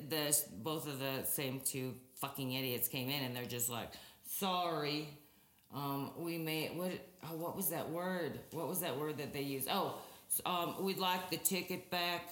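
Woman in her forties, podcast co-host, lowish voice, animated storytelling, swears freely, roomy echo. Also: measured pace. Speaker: podcast co-host, former principal. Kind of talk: casual podcast chat.

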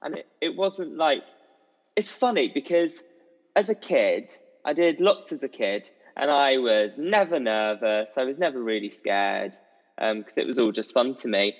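A young man, a musical theatre performer, telling stories as a guest in an animated, giggly way. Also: medium pitch, a little slow. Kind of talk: casual chat. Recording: dull audio with long reverb.

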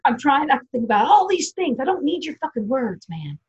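A woman's voice: high-pitched, very animated, brisk, a little mellow. A woman guest in candid casual chat, telling blunt, profane stories. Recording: slightly dull lo-fi audio.

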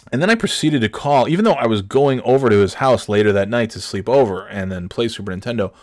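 A man casually telling a funny personal story, animated and swearing freely, acting out what people said. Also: fairly low pitch, no room sound, clean studio sound. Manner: animated, swears freely, acts out quotes with big shouts.

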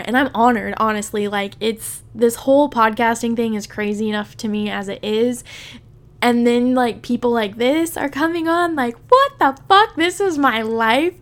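A woman hosting her own podcast in casual solo talk, gushing and profane, with lots of "like" fillers. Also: a little high. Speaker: podcast host.

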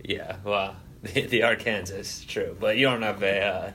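A man's voice: fairly low pitch, fairly even intonation, a little slow, pushed and bright, slight background noise. A young man hosting a casual sports podcast, joking and bantering with his co-hosts. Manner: jokey, banter-driven, rambling. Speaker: podcast host.

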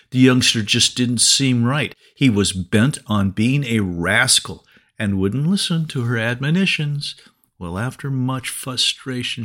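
A man's voice: medium pitch, a bit bright. A man preaching a sermon for a podcast, telling a story with expression.

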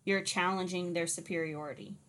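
A woman co-hosting a casual podcast, telling stories in an animated, blunt way and laughing often. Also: on the low side, fairly quick, a little hiss or hum. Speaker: podcast co-host.

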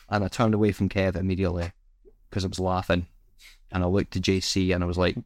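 Male co-host, lower register, dry studio mic, laughs a lot while telling tales. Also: fast, dry recording. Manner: swearing, laughing anecdote teller. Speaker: podcast co-host. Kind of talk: casual storytelling chat.

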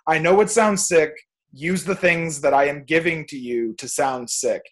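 Young man, profane and emphatic, fairly high voice, casual podcast rant. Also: moderate pace. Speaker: music producer, podcast guest.

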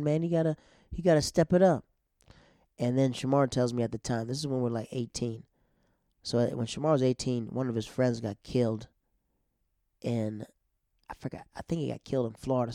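A man in his thirties telling a personal story in a loose, rambling way, full of slang fillers, dropping his voice to a hush for quoted lines. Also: medium pitch, no echo, clean studio sound.

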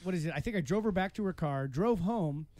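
A man hosting a podcast, telling crude stories in a casual, animated way and swearing freely. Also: high-pitched, fast, no echo. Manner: animated, swearing, acts out voices in his stories. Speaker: podcast host. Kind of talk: casual storytelling chat.

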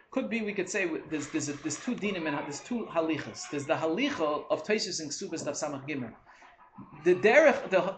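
A man giving an animated Torah lecture, switching between English and Hebrew terms and acting out complaints. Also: fairly high pitch. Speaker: Torah teacher. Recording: echoey room with faint hum.

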